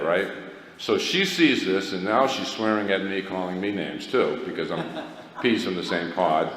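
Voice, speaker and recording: A middle-aged man telling a rambling, self-mocking personal story to a recovery meeting, laughing at himself. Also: low voice. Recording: echoey hall, faint background noise.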